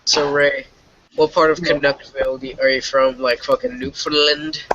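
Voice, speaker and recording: Bright, brash heckling man. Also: medium pitch, level tone, moderate pace. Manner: brash, heckling, swears a lot. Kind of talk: crude casual banter. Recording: muffled audio with faint noise.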